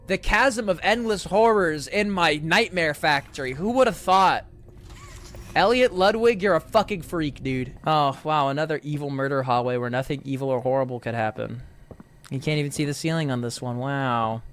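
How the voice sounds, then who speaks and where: A man's voice: on the high side, moderate pace, fairly bright tone. A man giving let's play commentary in a sarcastic, exasperated way, swearing often. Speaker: gaming video creator.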